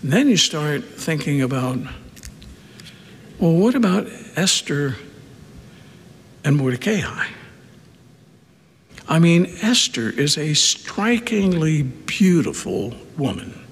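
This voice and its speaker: A man preaching a sermon, talking conversationally, with dramatic swings from loud emphasis down to a hushed near-whisper. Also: a little high, big pitch swings, slow pace, long pauses, big-room sound, a little hiss or hum. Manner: conversational asides and repetition. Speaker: pastor.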